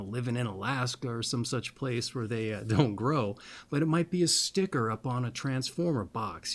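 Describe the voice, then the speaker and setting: In an astrology video, a medium-pitched male host rambles playfully in a casual monologue full of little asides. He then reads a birthday text aloud slowly and deliberately.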